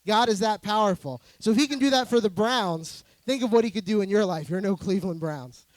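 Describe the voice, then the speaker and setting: High-voiced man preaching, dry sound. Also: brisk, no echo. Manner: conversational, earnest. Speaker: pastor. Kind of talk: sermon with humor.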